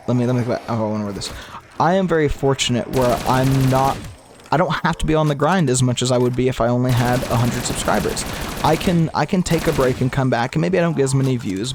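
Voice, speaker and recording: A young man in his twenties talks casually while he plays, stumbling and restarting his sentences as he goes. His voice sits at an ordinary middle pitch. Loud game gunfire and noise run behind him. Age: 20s. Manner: rambling, with frequent restarts and stumbles; switches between lively talk and muttered gameplay remarks. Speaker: gaming YouTuber. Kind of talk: casual commentary while playing. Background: video game gunfire and zombie sounds.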